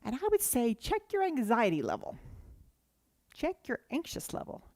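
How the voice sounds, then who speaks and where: A woman giving a sermon as a guest speaker, telling stories in an animated way. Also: a little high, moderate pace, no echo, clean studio sound. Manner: animated storytelling.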